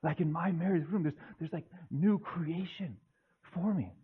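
Preacher guy doing a giddy stammery young joseph, higher voice, tinny sound. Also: normal speed, a little hiss or hum, close to an everyday voice. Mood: eager. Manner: breathless, stammering, gushing. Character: young Joseph, excited rambling young man. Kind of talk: dramatized monologue in a sermon.

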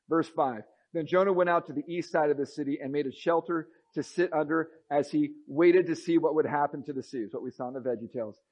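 A man preaching a sermon, reading scripture aloud and swinging between a near hush and raised emphasis. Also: on the high side, highs cut off. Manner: expressive, rising and dropping to a near hush.

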